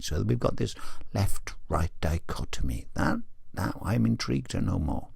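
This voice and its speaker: A man hosting a music reaction, musing aloud at length with hushed asides. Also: low-pitched, animated, moderate pace, gravelly, few pauses, husky, no room sound, clean studio sound. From Wales. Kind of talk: casual music reaction commentary.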